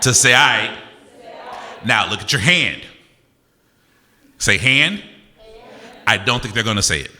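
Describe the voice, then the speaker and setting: A man's voice: fairly low pitch, bright, forceful tone. A man performing live in a university auditorium, joking and doing call-and-response with the audience. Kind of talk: stand-up style crowd work. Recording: reverberant hall, live event.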